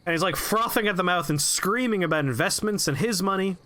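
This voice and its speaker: A man streaming a video game, telling a story in an animated, profane and chatty way. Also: sits high, fairly quick, hardly any pauses.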